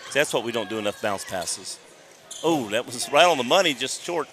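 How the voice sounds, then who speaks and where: A man doing color commentary for a local high school basketball game, questioning referee calls and getting excited over plays. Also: fairly quick. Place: school gym. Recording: noisy gym broadcast.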